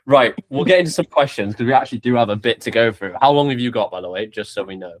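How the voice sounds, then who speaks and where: A young man hosting a podcast, chatting casually with lots of swearing, restarts and bursts of excitement. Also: medium pitch, fast talker. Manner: swears freely, animated, many restarts. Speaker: podcast host. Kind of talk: casual chat.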